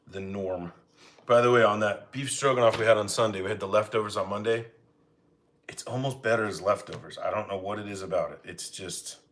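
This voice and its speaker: A man hosting a live home cooking stream, chatting casually with viewers and greeting them by name as he cooks. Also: lowish voice. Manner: relaxed, rambling, greets chat by name. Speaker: cooking livestream host. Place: home kitchen.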